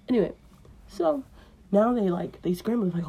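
Woman podcast host, comic storytelling, slangy and digressive, husky voice, dark mellow tone. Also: mid-range voice, expressive, normal speed, long pauses. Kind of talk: comedic casual storytelling.

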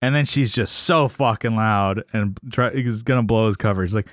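Low-voiced man recapping a sitcom. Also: moderate pace, dry recording, studio quality. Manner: animated retelling with quoted voices and laughs. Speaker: podcast co-host. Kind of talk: casual chat recapping a sitcom episode.

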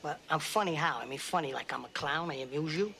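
An actor playing a hot-tempered mobster who swings from joking to menacing, swearing heavily. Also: male voice, fairly high pitch, quick pace, gravelly. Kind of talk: film dialogue.

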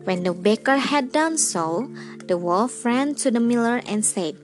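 A woman reads a fairy tale aloud, slow and measured, with a gentle rather high voice. She takes her time over each phrase. Soft music plays underneath. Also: lively intonation. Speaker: storyteller. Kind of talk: storybook reading.

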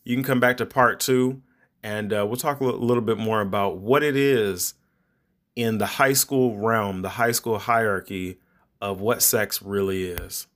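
A man's voice: fairly low pitch, fairly even intonation, measured pace, fairly bright tone. Rambling man hosting an advice podcast. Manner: rambling, conversational, preachy advice. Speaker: podcast host. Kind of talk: casual monologue podcast.

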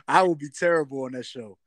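This podcast co-host has a fairly high voice and tells laid-back stories in slang, acting out the quotes. It's a dry remote recording with no room sound.

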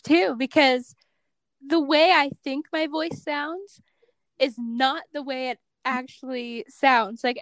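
A woman's voice: sits high, dry recording. A woman hosting a podcast, chatty and self-deprecating, giggling often. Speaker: podcast host. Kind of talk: casual podcast conversation.

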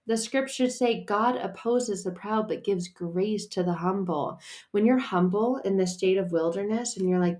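A woman's voice: fairly high pitch, a little slow, darkish tone. A woman hosting a solo faith podcast, talking in a casual, emphatic and playful way with the odd curse word. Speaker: podcast host and faith coach.

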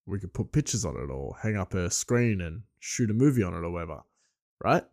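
A man's voice: deep voice, animated, brisk, a little mellow. A man hosting a solo podcast in loose, rambling casual chat with frequent chuckles. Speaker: podcast host.

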